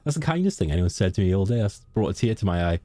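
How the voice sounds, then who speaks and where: A man's voice: low-pitched, very animated, very fast, mellow, no echo. A young man with a Welsh accent, casually chatting with his viewers while streaming a game and answering them by name. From Wales. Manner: chatty, answers chat by name, laughs easily. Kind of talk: casual live-stream chat.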